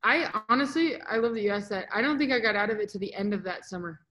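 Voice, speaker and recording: A woman's voice: medium pitch, fast, poor audio. Chatty young woman telling stories. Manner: animated, chatty, acts out quotes. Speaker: volleyball player guest. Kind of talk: casual interview storytelling.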